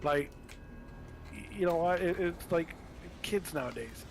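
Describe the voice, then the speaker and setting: A man's voice: a little high, lively intonation, moderate pace, gravelly. A man hosting a livestream, ranting bluntly in casual chat, full of cursing and restarts. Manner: profane, blunt, rambling with restarts. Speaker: livestream host. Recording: game music playing behind. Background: game music.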